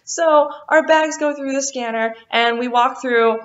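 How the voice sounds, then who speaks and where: Animated young woman telling a story. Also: high-pitched. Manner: animated, quotes people in quick voices. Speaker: vlogger. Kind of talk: casual storytime. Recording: dull lo-fi sound.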